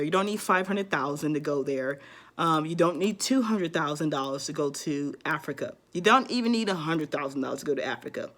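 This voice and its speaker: Chatty woman vlogging advice. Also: low-pitched. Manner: rambling, many fillers and restarts. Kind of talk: casual advice vlog.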